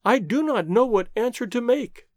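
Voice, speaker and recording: A man voicing a refined young Englishwoman in an audiobook reading, speaking in an earnest, pleading, measured way. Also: high voice, big pitch swings, no echo, studio quality. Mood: troubled, pleading.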